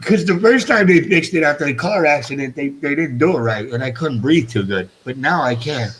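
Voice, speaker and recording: A man's voice: on the high side, lively intonation, fairly quick, fairly bright tone. A middle-aged man hosting a casual fish-keeping livestream, rambling and self-mocking, swearing freely, his speech shaped by missing front teeth. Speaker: fish-keeping channel host.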